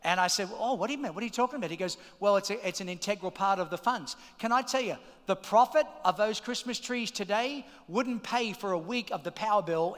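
High bright-voiced preaching pastor. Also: male voice. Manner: energetic, shouting calls to the congregation. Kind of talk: sermon. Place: large church auditorium. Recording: long hall reverb.

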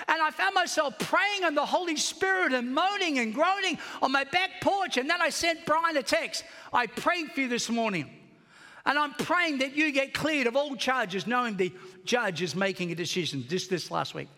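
Preaching a sermon in a large church with big-room sound, a male pastor tells stories with passion, alternating shouts and hushed tones. His voice is very high-pitched and animated, at normal speed.

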